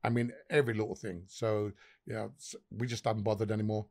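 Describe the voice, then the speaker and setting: A man's voice: fairly low pitch, flat delivery, fast talker, darkish tone. Foul-mouthed man telling pub stories. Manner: profane, rambling anecdotes with frequent restarts. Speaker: pub owner guest. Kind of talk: casual podcast storytelling.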